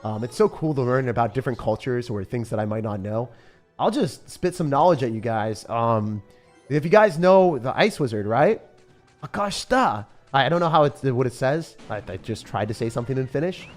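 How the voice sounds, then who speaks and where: A young man commentating his own live game stream in a jokey, excitable way, bursting into shouts and laughter. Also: medium pitch, fairly quick, soft background music. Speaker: gaming streamer.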